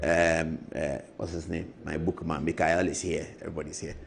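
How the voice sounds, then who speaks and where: A man's voice: a bass voice, flat delivery, normal speed, creaky, a little hiss or hum. A man with a Ghanaian English accent hosting an evening TV show in a studio, chatting casually, mimicking other people and laughing often. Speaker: TV show host.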